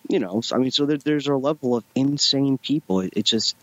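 A man in casual remote podcast chat, halting with many fillers as he rants. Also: mid-range voice, a bit bright, no room sound, muffled recording. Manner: halting, heavy on fillers, ranting.

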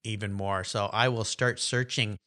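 A man's voice: fairly low pitch, fairly even intonation, normal speed, pushed and bright. A male podcast host chatting in a friendly, upbeat and encouraging way. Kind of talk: casual interview chat.

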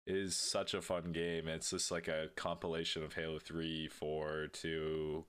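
A man with a very low voice talks games with friends in a loose, unhurried way. He swears freely and leans on "like" and "man" as he goes. His tone stays easygoing from line to line. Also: completely flat delivery, fairly bright tone, clear, resonant tone. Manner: laid-back, swears freely, trails off with fillers. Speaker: podcast co-host. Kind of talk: casual gaming chat.

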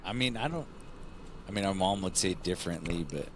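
Low-voiced man cracking quick jokes. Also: slight background noise. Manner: joking, chimes in with short quips. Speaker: podcast co-host. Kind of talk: casual chat.

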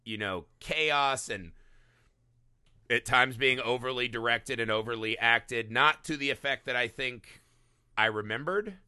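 A man hosting a casual film discussion podcast, animated and peppering his talk with "right?". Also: mid-range voice, unhurried, clear, resonant tone, no echo, clean studio sound. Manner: animated, swearing, frequent "right?". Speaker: podcast host.

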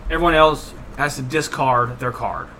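A man explaining the rules of a family party game in quick, laughing bursts, heard from across the room on a home video. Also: mid-range voice, expressive, gravelly, distant mic, background noise. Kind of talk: casual family game night.

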